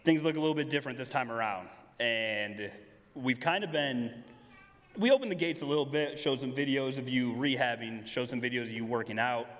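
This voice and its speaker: A man co-hosting a live stage show, asking measured, probing interview questions. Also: medium pitch, fairly bright tone. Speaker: producer and co-host. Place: large hall before a live audience. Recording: long hall reverb.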